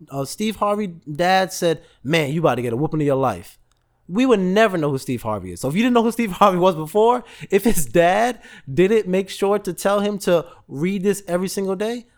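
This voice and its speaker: Male podcast host, slightly high voice, animated storyteller who does the voices. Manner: animated storytelling, acts out voices in quotes, laughs often. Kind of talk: casual motivational talk.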